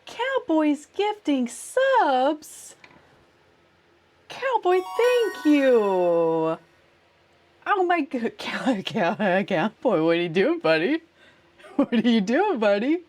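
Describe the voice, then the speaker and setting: A woman's voice: mid-range voice, big pitch swings, takes it slowly. A woman streaming live, chatting casually with viewers while she works on a craft, laughing often and talking herself through each step. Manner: giggly, thanks viewers warmly, talks to herself while working.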